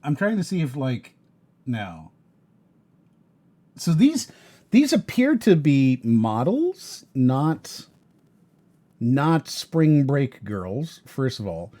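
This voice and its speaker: A man's voice: mid-range voice, very animated, extremely slow, long pauses, mellow, no echo. A man hosting a casual podcast, wry and teasing, trailing off as he thinks aloud. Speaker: podcast host.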